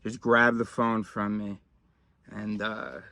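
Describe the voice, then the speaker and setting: A man voicing an overfamiliar, clueless white man in a satirical skit, talking in a chummy, halting way full of ums and you knows. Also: on the low side, level tone, creaky, pushed and bright, no room sound, full character voice.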